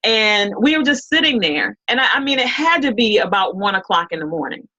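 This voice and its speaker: A woman's voice: mid-range voice, big pitch swings, fairly quick, sharp tone, highs cut off. A woman as an interview guest, telling a story in a casual, rambling way full of restarts and quoted dialogue.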